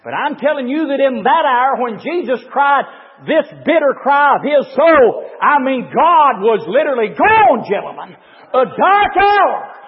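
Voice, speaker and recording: Brief: impassioned male preacher, very high and lively voice, shouts then drops low, dull echoing hall recording. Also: moderate pace. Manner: impassioned, swings between shouting and low murmurs. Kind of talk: fervent sermon to a men's gathering.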